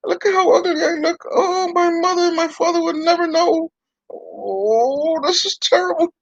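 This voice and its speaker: A man's voice: very high voice, moderate pace, creaky, pitched above the performer's own voice. A man voicing a whiny, melodramatic young girl puppet who wails and complains, on a dull, dry lo-fi recording. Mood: distressed.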